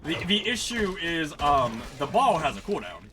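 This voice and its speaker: A man streaming live gameplay commentary, animated, swearing and laughing at his own mishaps. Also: a little high, normal speed, background noise. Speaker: streamer playing a game.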